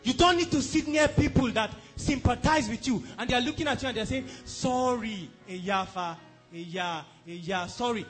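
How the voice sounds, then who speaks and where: A male pastor preaching a sermon, emphatic, who keeps asking the congregation whether they are following. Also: extremely high pitch.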